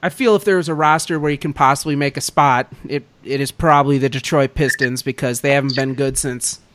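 A man's voice: mid-range voice, steady tone, a little fast, a bit bright. A young man co-hosting a casual sports podcast, ranting as an exasperated fan. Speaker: podcast co-host.

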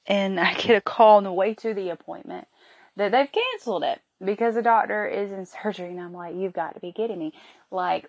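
This podcast host, a woman in her thirties, shares something personal while feeling ill and exhausted. She speaks haltingly and with emotion, her mid-range voice carrying a breathy edge.

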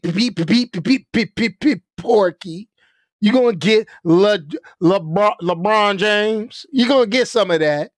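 With a high voice, a man delivers lively live-stream commentary, taking his time and speaking deliberately. He keeps checking in with phrases like "okay?" and "all right?" The audio is close and dry, with no reverb from the room.

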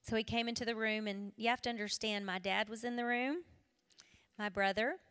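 A woman's voice: a little high, fairly even intonation, fairly quick, clear, resonant tone. Earnest woman preaching in a reverberant hall. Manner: earnest storytelling, dropping to a hush for emphasis. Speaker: women's ministry speaker. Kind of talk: personal testimony sermon.

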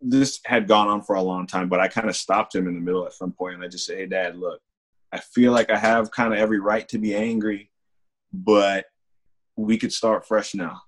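A young man giving a candid personal testimony in casual storytelling, halting, with restarts and small laughs, slowing on heartfelt lines. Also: on the low side, breathy edge. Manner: slows and softens on heartfelt lines. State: emotional, holding back tears. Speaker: testimony speaker.

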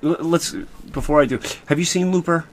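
A man, a podcast co-host, chatting casually in an animated, laughing, rambling way. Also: fairly high pitch, fairly quick. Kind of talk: casual chat.

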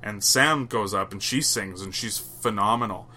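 A man's voice: fairly low pitch, normal speed, bright, forceful tone, slight background noise. A man co-hosting a podcast, chatting casually and rambling about movies, swearing now and then. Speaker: podcast co-host. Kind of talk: casual chat.

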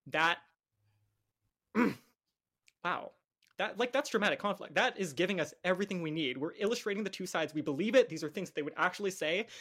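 A woman co-hosting a casual talk show, thoughtful and analytical, leaning hard on key lines. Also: fairly low pitch. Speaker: podcast co-host. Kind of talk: casual chat.

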